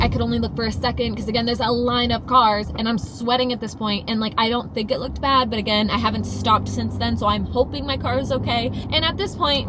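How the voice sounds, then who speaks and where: A young woman vlogging from inside her car, telling a story in a dramatic, animated way and swearing casually. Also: a little high. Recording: car cabin with clear road noise.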